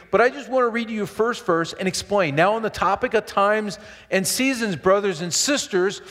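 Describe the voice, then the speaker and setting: A middle-aged man preaches with a high, ringing voice, full of emphatic bursts and quick asides to his listeners. His words carry a long reverb through a church hall. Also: a bit bright. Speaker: pastor. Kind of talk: sermon. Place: church sanctuary.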